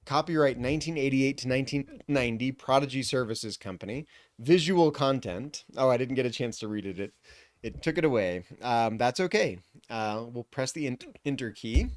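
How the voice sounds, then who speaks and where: A man in his forties streaming casually from his computer, rambling with fillers and frequent throat clearing, slightly hiccupy. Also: mid-range voice, moderate pace, no room sound, studio quality. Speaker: live streamer. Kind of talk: casual live stream commentary.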